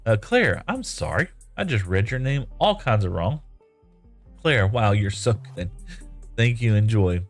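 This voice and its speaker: A man's voice: fairly low pitch, very animated, measured pace, faint music behind. A man live-streaming a game, chatting casually and reading viewer comments in a rambling, easygoing way, often laughing.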